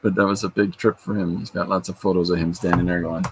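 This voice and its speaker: A man's voice: low-pitched, level tone, quick pace, creaky, noisy background. A man hosting a podcast, chatting casually and rambling through stories while he draws. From Canada. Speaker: podcast host and artist. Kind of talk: casual chat while drawing.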